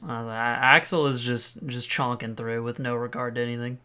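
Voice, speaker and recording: A man's voice: medium pitch, little pitch movement, normal speed, sharp tone, clear, resonant tone. A man playing a character in a tabletop role-playing game, talking casually and joking with the group. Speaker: player. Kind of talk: tabletop role-play chat.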